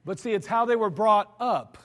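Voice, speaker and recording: A man's voice: sits high, animated, normal speed, a bit bright, long reverb tail. A man preaching a sermon as pastor, blunt and exhorting, scolding his listeners directly.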